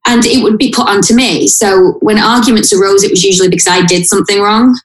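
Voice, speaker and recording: A woman sits in a room with a noticeable echo, recounting something painful from her own life. She speaks haltingly and with feeling, often restarting her sentences. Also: medium pitch. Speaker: interview guest. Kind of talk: personal account in conversation. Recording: roomy echo.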